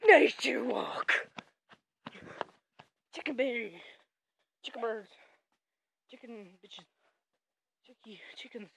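Young woman, Southern accent, excitable and rambling, walking a farm outdoors, phone mic, slightly high voice. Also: slow pace, gravelly, long pauses, breathy edge, low-quality recording. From North Carolina, USA. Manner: excitable, rambling, shouts playfully at animals. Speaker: vlogger. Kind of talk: casual walking vlog.

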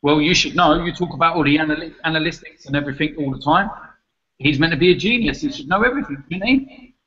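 A man's voice: a little high, fast talker, a bit bright. Ranting, mocking man. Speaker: football fan debater. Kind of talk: heated debate banter. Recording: muffled lo-fi audio.

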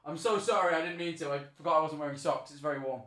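A young man streaming live, reacting to clips with excited chatter, loud exclamations and frequent swearing. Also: fairly high pitch, quick pace.

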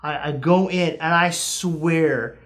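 A man's voice: a little high, takes it slowly, fairly bright tone. A young man hosting a casual podcast, telling funny stories and acting out his own reactions with sudden jumps in voice. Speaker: podcast host. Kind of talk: casual storytelling chat.

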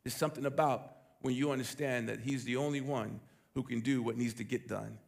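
A man preaching a sermon as pastor, emphatic and animated, with rhetorical questions. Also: medium pitch, brisk, vocal fry.

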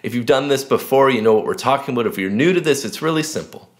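A man giving church announcements in a relaxed, conversational way, then slowly leading a scripture meditation. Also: medium pitch. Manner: relaxed and conversational, slow and measured when reading scripture.

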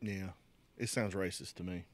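A man's voice: low voice, steady tone, normal speed. A man in his thirties co-hosting a casual podcast chat, joking and laughing often. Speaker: podcast co-host.

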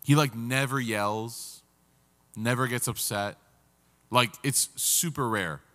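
A man's voice: mid-range voice, slow pace, pushed and bright. Man teaching in a reverberant hall. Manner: casual, storytelling with humor and rising emphasis. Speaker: religious teacher. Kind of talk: conversational lecture. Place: lecture hall.

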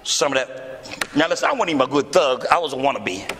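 A male pastor preaching to a congregation, telling a story in a lively, theatrical way and acting out the dialogue. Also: a little fast, a crowd in the background. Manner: animated, acts out dialogue with big pitch swings. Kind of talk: storytelling sermon. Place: church hall before a congregation. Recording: echoey church hall.

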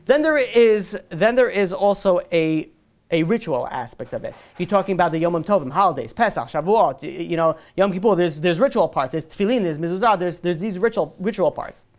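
Fast-talking rabbi preaching to a group. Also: male voice, sits high. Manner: rapid, animated, heavy with "you know" fillers and restarts. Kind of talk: storytelling sermon to a live group.

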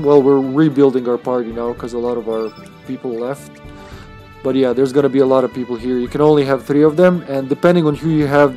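A man with a fairly high pitch and a dark tone streams a video game live. He chats casually and ramblingly, chuckling often between thoughts.

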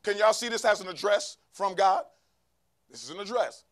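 A man preaching a sermon to a church congregation, calling for responses from the crowd and rising to shouts. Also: sits high, expressive, moderate pace. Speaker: pastor. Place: church sanctuary.

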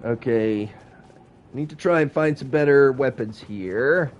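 A man's voice: mid-range voice, measured pace. Chatty man with a stuffy voice. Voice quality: slightly stuffy sound. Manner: chatty, self-deprecating, frustrated outbursts. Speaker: gaming YouTuber. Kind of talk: casual let's-play commentary. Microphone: streaming from a game console.

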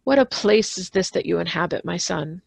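A woman voicing a gentle, grieving elderly father who speaks softly and sorrowfully in a storybook reading. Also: lowish voice, lively intonation, normal speed, creaky, slightly rough, no room sound, heavily acted. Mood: mournful. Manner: soft, sorrowful speech.

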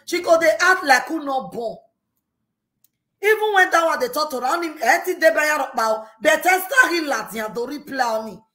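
A woman's voice: sits high, bright, forceful tone. A woman with a Nigerian accent ranting heatedly in pidgin, scolding unnamed critics. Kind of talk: ranting monologue.

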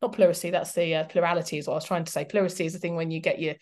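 A woman's voice: lowish voice, steady tone, racing, a little mellow. A woman, speaking as a guest historian in a casual interview, candid and self-mocking with lots of fillers. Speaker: guest historian and documentary presenter.

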